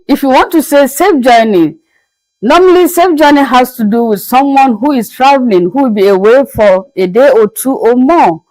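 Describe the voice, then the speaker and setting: A woman's voice: fairly high pitch, darkish tone, dry recording, low-quality recording. A woman teaching basic French phrases in a patient, repetitive classroom manner. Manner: patient, repeats each word slowly. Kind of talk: slow classroom-style lesson.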